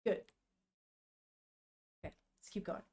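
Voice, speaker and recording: A woman's voice: slow pace, darkish tone. A young woman on a live stream, chatting casually with viewers while reading a manga aloud and swearing now and then. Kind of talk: casual live-stream chat and read-along.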